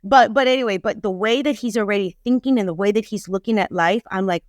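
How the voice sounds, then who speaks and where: A middle-aged woman, a relationship expert guest on a podcast, telling a story in a lively way and acting out quoted lines. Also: mid-range voice, fast, hardly any pauses, no echo, studio quality. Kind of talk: casual podcast conversation.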